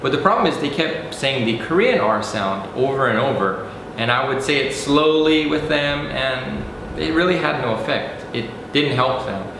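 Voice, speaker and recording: A man teaching English pronunciation in a clear, deliberate lesson, slowly stressing the example words. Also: medium pitch, expressive, heavy reverb, noisy background. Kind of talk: scripted lesson.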